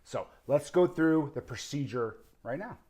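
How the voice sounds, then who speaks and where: An upbeat man walks through a home cooking demonstration, his voice pitched a little high for a man. He sounds eager and chatty as he tastes and explains each step. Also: expressive, measured pace, a little mellow. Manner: enthusiastic, talks while tasting and cooking. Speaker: cooking show host.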